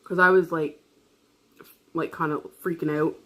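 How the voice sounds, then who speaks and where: A woman's voice: deep voice, little pitch movement, moderate pace, a bit bright. A woman vlogger telling a personal story in casual chat, rambling, swearing freely and laughing often.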